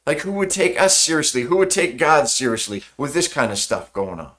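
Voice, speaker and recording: A man's voice: a little high, very animated, brisk, fairly bright tone. A man voicing a stern leader who scolds his brother in exasperation. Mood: exasperated.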